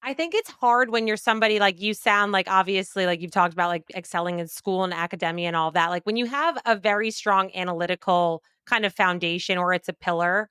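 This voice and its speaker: Female guest, bright clear voice, chatty and expressive, dry close recording. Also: medium pitch, fairly quick, hardly any pauses, no echo. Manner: chatty, many "like" fillers, expressive quoting. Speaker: podcast guest, clinical nutritionist. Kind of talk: casual conversational interview.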